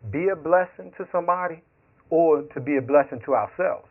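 A man's voice: fairly high pitch, a little fast. A man preaching a sermon, telling stories with acted quotes, laughing along as he goes. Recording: tinny phone-like radio sound.

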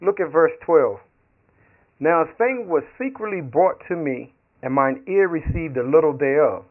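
A man's voice: on the high side, lively intonation, a little slow. A man preaching a sermon, telling stories with acted quotes, laughing along as he goes. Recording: tinny phone-like radio sound.

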